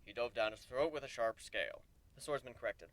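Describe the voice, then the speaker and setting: A man giving a dramatic first-person reading of a story, swinging from deadpan asides to animated outbursts. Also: medium pitch, brisk, dry recording. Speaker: narrator.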